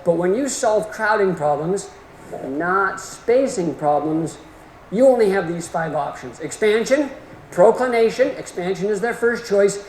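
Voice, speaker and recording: Folksy, animated male lecturer in an echoey hall. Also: high voice, measured pace. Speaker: orthodontic lecturer. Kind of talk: continuing-education lecture. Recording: echoey hall with faint room noise.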